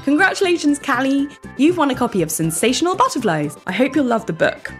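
A woman's voice, a little higher than most, that swoops up and down as she hosts a children's podcast. She reads her script in an animated way and keeps asking her young listeners questions. Music plays softly behind her. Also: brisk.

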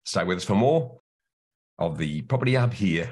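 A man's voice: low voice, animated, normal speed, background noise. A man with an Australian accent hosting a property podcast, chatty and matey, laughing easily with his guests. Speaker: podcast host. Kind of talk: casual chat.

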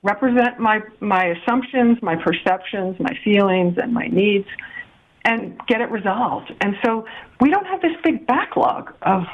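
A woman's voice: mid-range voice, animated, a little slow. Middle-aged woman, podcast guest, explanatory, phone-quality audio. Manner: warm, explanatory, laughs while giving examples. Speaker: guest relationship coach. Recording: tinny phone line.

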